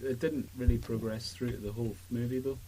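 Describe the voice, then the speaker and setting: A man's voice: mid-range voice, flat delivery, a little fast, warm tone. A man joining a podcast as a guest, making blunt, sweary quips. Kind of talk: casual chat. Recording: hissy, distant mic.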